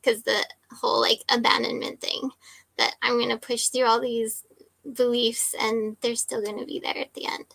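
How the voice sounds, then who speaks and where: A woman in her forties talks casually and emphatically, with a high, bright, forceful voice. She leans on fillers and asks "right?" again and again as she tells her story. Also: little pitch movement, normal speed, gravelly, dry recording. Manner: chatty, emphatic, many "like" and "right?" tags.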